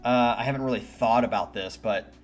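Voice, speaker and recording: A man's voice: medium pitch, brisk. A man hosting a music reaction channel, giving candid, musing commentary and swearing casually.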